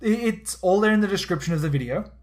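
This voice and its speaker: A man with an Australian accent co-hosting a casual podcast chat, talking quickly and excitedly with lots of restarts. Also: high-pitched. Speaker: podcast co-host.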